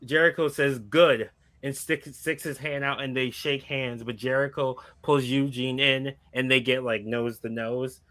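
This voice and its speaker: A man's voice: mid-range voice, fairly even intonation, normal speed, hardly any pauses, a bit bright. A man co-hosting a podcast, casually recapping a wrestling storyline with lots of fillers and restarts. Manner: rambling, filler-heavy storytelling. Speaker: podcast co-host. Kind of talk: casual chat recapping a fantasy wrestling booking.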